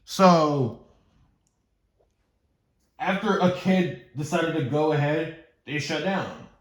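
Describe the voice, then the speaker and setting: A man's voice: a little high, slow. Rambling young man in an echoey room. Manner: rambling, loses his script and stumbles, jokes to himself. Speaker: gaming YouTuber. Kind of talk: casual lore explainer.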